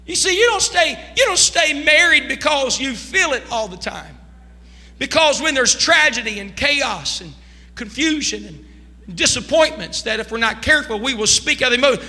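A man preaching a sermon from the pulpit, swinging between quiet asides and loud, sung shouts. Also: very high-pitched, gravelly, big-room sound. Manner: preaching with rising shouts and sung, drawn-out lines. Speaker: pastor. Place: church sanctuary.

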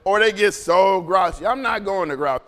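A man preaching a sermon in a church, animated and joking, often laughing as he talks. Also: high-pitched, normal speed, big-room sound. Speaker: pastor.

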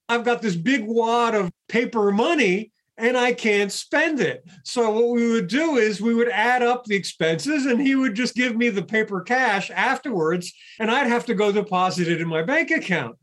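A man in a conversational podcast discussion, an animated storyteller who acts out the people he quotes. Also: high-pitched.

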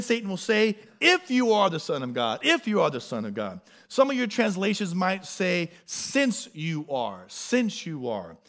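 Animated high-voiced male preacher. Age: adult, a parent. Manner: animated preaching, dramatic voices for quotes and repeated refrains. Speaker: pastor. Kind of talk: sermon.

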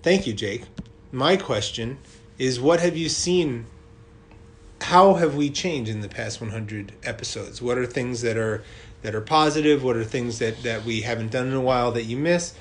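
A man co-hosting a podcast in casual chat, talkative and quick to laugh, reading out listener mail. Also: medium pitch. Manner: chatty, laughs easily, reads listener mail aloud. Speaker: podcast co-host.

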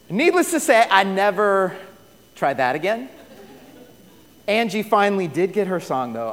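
High-voiced pastor preaching in a hall. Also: male voice. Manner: storytelling, swings from loud to hushed. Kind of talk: sermon.

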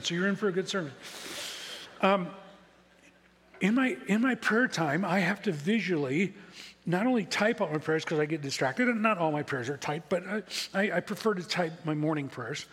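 High-voiced husky pastor preaching in a hall. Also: male voice, a bit bright. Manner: conversational, self-deprecating preaching with emphatic repetition. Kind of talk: sermon. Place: church sanctuary. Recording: echoey hall with long reverb.

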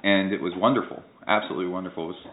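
Low-voiced man, echoey and tinny. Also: fairly even intonation, rapid-fire, slight background noise. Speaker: triathlete and podcast host. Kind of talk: casual chat. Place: at home. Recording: echoey tinny phone-like audio.

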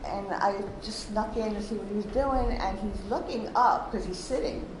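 A woman's voice: medium pitch, normal speed. A mother casually telling how her baby laughed alone, amused as she recalls it. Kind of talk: casual storytelling. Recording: echoey room with background noise.

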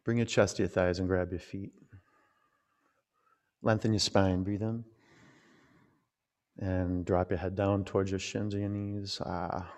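A man teaching a yoga class, calling out poses and chatting in a relaxed, rambling way between cues. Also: sits low, unhurried, pauses often, in a large hall.

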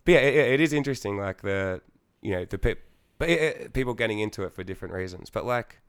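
A man's voice: fairly low pitch, animated, fast talker, clear, resonant tone. A young Australian man, a singer in a band, chatting casually in an interview, rambling with lots of fillers, swearing and laughing.

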